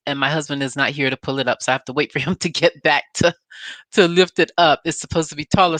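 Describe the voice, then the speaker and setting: A woman's voice: low voice, fairly bright tone, no room sound. A woman YouTube reviewer chatting casually through a recap of a TV episode. She talks straight to her viewers and wanders off on side notes before coming back. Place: home recording setup with green screen.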